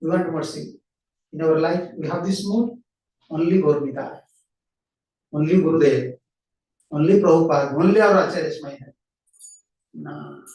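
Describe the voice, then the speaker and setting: High-voiced swami lecturing in an echoey hall. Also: male voice, normal speed, long pauses, warm tone. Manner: earnest, repeats key phrases, asks and answers own questions. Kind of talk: devotional lecture. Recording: roomy hall sound from a distant mic.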